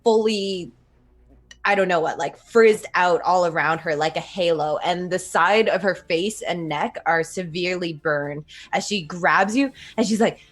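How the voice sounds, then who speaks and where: A woman's voice: on the low side, a little slow. A woman narrating a tabletop game as game master, in a loose style full of fillers.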